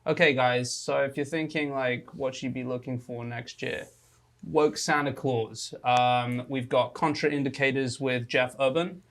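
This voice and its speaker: A podcast co-host in casual chat, making wry, deadpan quips. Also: mid-range voice, normal speed, few pauses.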